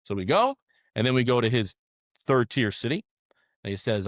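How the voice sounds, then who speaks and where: A man in mid-range pitch, speaking as a guest in a relaxed interview. He tells lively stories and keeps checking in with a quick "right?". The recording is close and dry, with no room sound. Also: no echo. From South Florida. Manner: animated storyteller, tags many sentences with "right?". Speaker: restaurant management co-founder, guest. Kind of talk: conversational interview.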